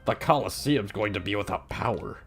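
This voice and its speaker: A man voicing a hurt older town chief from a video game, speaking in a measured, earnest way. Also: on the low side, a bit bright, breathy edge, faint music behind, voice pushed down.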